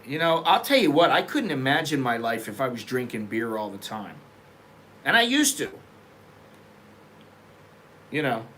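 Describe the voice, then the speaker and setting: A man's voice: medium pitch, big pitch swings, moderate pace, pauses often, pushed and bright, a little hiss or hum. A middle-aged American man hosting a casual, rambling chat, talking frankly and loosely. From United States. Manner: digressive, loose, frank talk with frequent restarts. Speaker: host.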